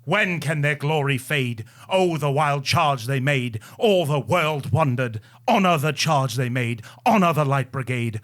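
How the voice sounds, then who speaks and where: A man co-hosting a casual history podcast, explaining events in quick bursts. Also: medium pitch, lively intonation. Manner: explains events quickly, then recites a poem loudly. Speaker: podcast co-host.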